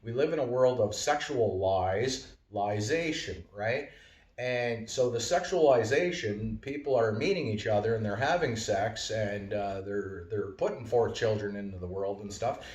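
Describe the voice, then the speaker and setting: A man's voice: fairly low pitch, measured pace, darkish tone. Rambling man in a roomy space. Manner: rambling, lots of fillers and wordplay. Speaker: vlogger. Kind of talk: casual monologue. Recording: roomy, distant from mic.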